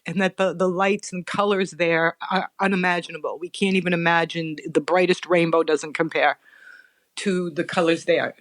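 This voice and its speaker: A woman's voice: on the low side, no echo. A middle-aged woman earnestly recounting a personal story as a podcast guest, sometimes choked up. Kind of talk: personal story told in an interview.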